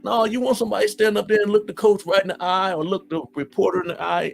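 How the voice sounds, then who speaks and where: A middle-aged man from Ohio with an Ohio accent, hosting a casual live-stream chat, reading viewer comments and answering them in an animated, folksy way. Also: sits high, quick pace, gravelly, few pauses, soft background music. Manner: animated, talks straight to viewers, folksy slang.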